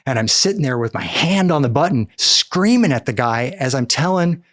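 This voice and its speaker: Animated middle-aged storyteller man. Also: medium pitch, moderate pace, no room sound, clean studio sound. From American Midwest. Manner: animated storyteller, acts out quoted dialogue. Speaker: podcast guest, cannabis activist. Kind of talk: storytelling in a podcast interview.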